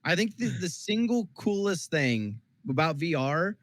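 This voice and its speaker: A man's voice: high voice, sing-song, unhurried, no echo. A young man co-hosting a podcast in casual, jokey chat, steering the topics. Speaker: podcast co-host.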